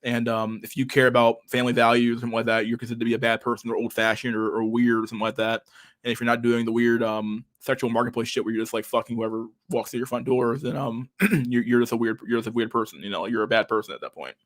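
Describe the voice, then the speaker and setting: A man's voice: mid-range voice, flat delivery, fast talker. A man in casual chat, reading messages aloud, swearing a lot and laughing often.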